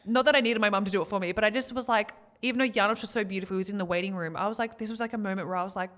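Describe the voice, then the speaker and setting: A young woman talks openly on a podcast, her voice at an everyday middle pitch. She tells a painful personal story, welling up now and then, yet she still laughs easily. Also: fairly even intonation, a bit bright. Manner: emotional, tearful at moments, quick to laugh. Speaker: podcast co-host.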